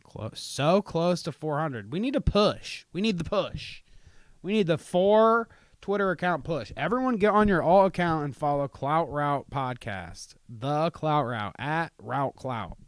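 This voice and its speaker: A man's voice: on the high side, expressive, a little slow, dry recording, clean studio sound. A young man hosting a casual livestream podcast, ranting sarcastically with lots of swearing. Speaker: podcast host.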